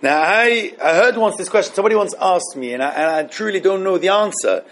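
A man's voice: sits high, expressive, fairly quick, fairly bright tone. A man teaching a religious law class to students, thinking aloud and often repeating himself as he works through questions. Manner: thinking aloud, repeating phrases, mixing Hebrew terms.

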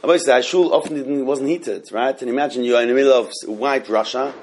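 A man's voice: mid-range voice, fast talker, darkish tone. A man teaching a halacha class in a rambling way, with many restarts and fillers. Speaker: Torah teacher.

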